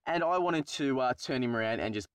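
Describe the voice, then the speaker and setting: A man's voice: mid-range voice, expressive, brisk, clean tone, dry recording. A young Australian man telling a story about his driving test in a rambling, profane, self-mocking way. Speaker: YouTuber telling a personal story. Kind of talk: casual storytelling vlog.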